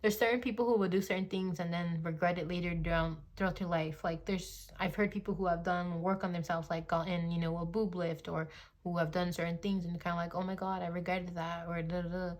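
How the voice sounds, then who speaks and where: A woman's voice: fairly low pitch, steady tone, fairly quick. A woman in her twenties giving a casual tarot reading into a phone, rambling and full of fillers like "like" and "you know", now and then slipping into gushing quoted voices. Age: 20s. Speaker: tarot reader.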